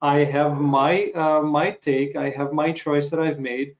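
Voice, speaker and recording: Rambling man interviewer, slightly high. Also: fairly even intonation, measured pace. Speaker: interviewer and actor. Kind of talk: casual interview talk.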